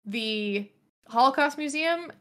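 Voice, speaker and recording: A woman's voice: sits high, animated, slow, pushed and bright. A young woman guest on a podcast, talking in a gossipy, filler-heavy way with laughter. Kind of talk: casual podcast chat.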